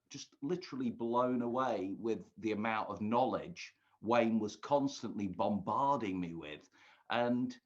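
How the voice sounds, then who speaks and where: Man, earnest reflective storyteller, plain mid voice, dull lo-fi sound. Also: mid-range voice. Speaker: guest magician recalling touring. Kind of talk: casual reminiscing chat.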